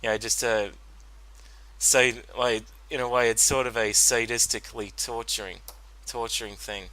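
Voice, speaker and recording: A man offers solo reaction commentary on a cartoon episode, rambling with lots of fillers and restarts. His medium-pitched voice has a sharp tone and little pitch movement, he speaks at normal speed, and the audio is poor.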